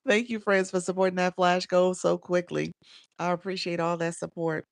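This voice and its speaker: Chicago lady coaching folks on a live stream, gravelly voice, laughs a lot, dry close sound. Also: lowish voice, little pitch movement, moderate pace, dry recording. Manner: chatty, laughs often, reads out viewer names. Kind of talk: casual live-stream coaching, greeting viewers.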